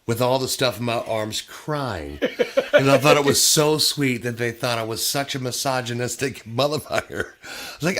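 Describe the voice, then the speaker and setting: A man's voice: medium pitch, moderate pace. A man hosting a podcast, telling stories in casual chat and laughing often. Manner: animated, laughing storyteller. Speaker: podcast host.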